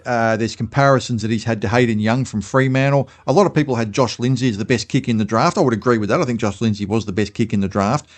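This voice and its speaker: A man's voice: mid-range voice, fast, few pauses. Chatty Australian man mulling things over. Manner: thinking aloud with fillers and restarts. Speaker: fan channel host. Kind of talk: casual spoken commentary.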